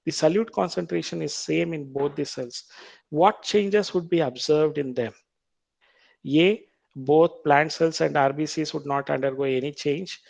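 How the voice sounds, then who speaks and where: A man with an Indian English accent lecturing on biology, reading quiz questions aloud, repeating them slowly and explaining the answers patiently. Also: fairly high pitch, vocal fry, a little mellow, no room sound. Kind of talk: quiz-style classroom lecture.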